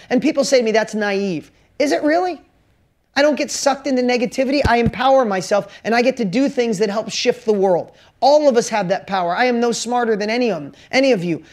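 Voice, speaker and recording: A woman's voice: on the high side, a little mellow. A woman business coach giving a motivational talk to a course audience, speaking emphatically and straight to her listeners with lots of rhetorical questions.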